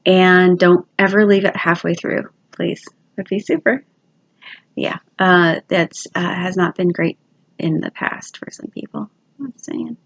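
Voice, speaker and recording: A woman's voice: lowish voice, fairly even intonation, vocal fry, dull audio. Chatty woman teaching a tapping routine. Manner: quick, chatty, demonstrative. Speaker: instructor. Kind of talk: casual how-to instruction.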